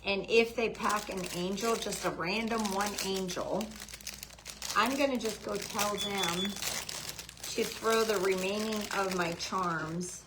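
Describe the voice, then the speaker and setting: A woman's voice: mid-range voice, takes it slowly. Lady doing a live craft stream, half whispering, gushy and chatty, a little hiss in the back. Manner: chatty and gushing, talks to viewers by name. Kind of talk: casual live-stream chat.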